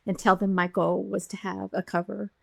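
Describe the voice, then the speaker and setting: A middle-aged woman, a podcast guest, telling her founding story with lively quoted voices. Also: medium pitch, normal speed, creaky, no room sound, clean studio sound. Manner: animated storyteller, acting out quotes. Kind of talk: storytelling interview.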